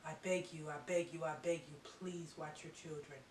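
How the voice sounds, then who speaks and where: A woman's voice: deep voice, fairly even intonation, moderate pace, a little mellow. Psychic reader, female: blunt, emphatic, repetitive. Recorded with a roomy echo off a distant mic and faint hiss. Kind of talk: channeled tarot-style reading to viewers.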